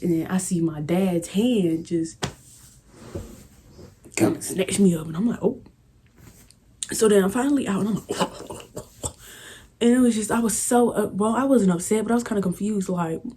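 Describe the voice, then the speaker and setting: A young woman vlogger telling a casual, animated storytime with lots of slang. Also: on the low side, slightly rough.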